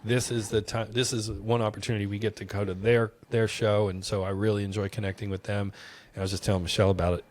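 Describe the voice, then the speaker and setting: This podcast guest speaks quickly in a lowish voice, with no room sound on the recording. Laughing frequently, he tells a lively travel tale in a relaxed interview conversation.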